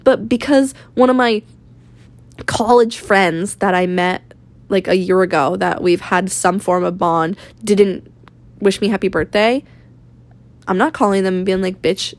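A woman in her twenties from Maine, venting candidly in a blunt, profane, rambling personal vlog. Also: mid-range voice. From Maine, USA. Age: 20s. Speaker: vlogger. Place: rented room at home.

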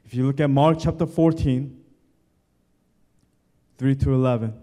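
A man preaching a sermon at a slow, deliberate pace, his voice warm and mellow. He addresses the congregation directly and hammers each point home with repeated words and lists. The voice carries a long reverb from a large church hall. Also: medium pitch, steady tone. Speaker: pastor. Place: church sanctuary.

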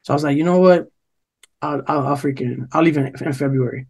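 His fairly high voice has a darkish, slightly rough tone, and he speaks briskly. The young New Jersey podcast co-host tells a long, cursing story in casual conversation, acting out other people's lines.

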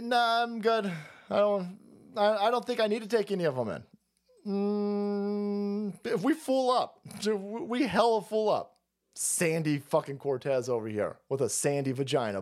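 Animated, high-pitched ranting man. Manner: loud, mocking, foul-mouthed, restarts a lot. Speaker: streamer host. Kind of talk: profane political rant.

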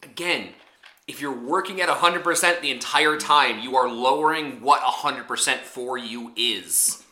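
A man's voice: mid-range voice, normal speed, sharp tone, reverberant. A man co-hosting a podcast, musing aloud with loosely phrased opinions in casual chat. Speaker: podcast co-host.

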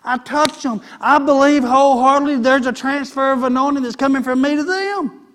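A man's voice: very high voice, moderate pace, fairly bright tone. A man preaching a sermon in a folksy, conversational way.

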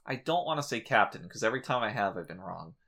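A man's voice: fairly low pitch, lively intonation, fast, creaky, pushed and bright. A man co-hosting a casual comedy podcast, trading crude jokes and banter. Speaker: podcast co-host.

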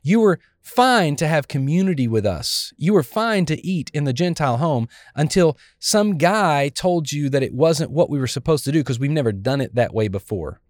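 A man's voice: fairly high pitch, expressive, normal speed, hardly any pauses, darkish tone, dry recording, clean studio sound, natural voice. A man preacher voicing a furious adult male apostle who scolds a friend in exasperation.

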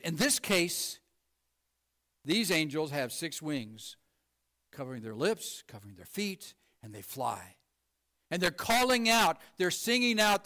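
A male pastor delivering a sermon in a notably high voice. He leans hard into emphasis, then drops to a hushed, quiet delivery, keeping an earnest preaching cadence throughout. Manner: emphatic, shifts between ringing emphasis and hushed low delivery.

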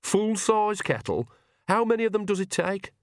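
A man's voice: high voice, very animated, moderate pace, no room sound, voice pushed up. A man voicing a dry, doubtful young witch. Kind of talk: audiobook reading.

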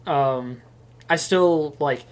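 A man's voice: fairly high pitch, extremely slow, clean tone. A young man co-hosting a casual podcast chat, rambling with lots of fillers and easy laughter. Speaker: podcast co-host.

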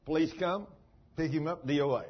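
A preacher telling a story in a sermon, folksy and emphatic. His voice sits high and has a husky grain. The recording sounds dull and muffled. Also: a little fast.

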